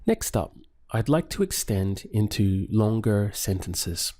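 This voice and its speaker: A male language teacher leads a paced lesson, repeating each phrase and pausing for the learner. His voice sits low and mellow. He speaks very slowly and steadily. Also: big pitch swings.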